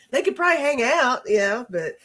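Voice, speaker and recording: A playful woman co-host joins a casual livestream, laughing easily and tossing in quick remarks. Her voice sits fairly high and moves a lot, rising and falling as she talks. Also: a bit bright.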